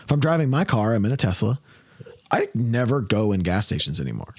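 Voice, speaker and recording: A man ranting on a podcast, swearing freely and slipping into mocking voices. His pitch leaps up and down a lot as he gets going. The sound is dry and close with no room around it. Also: very animated, fairly quick, darkish tone, husky, no room sound. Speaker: podcast host. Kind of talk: casual profane podcast chat.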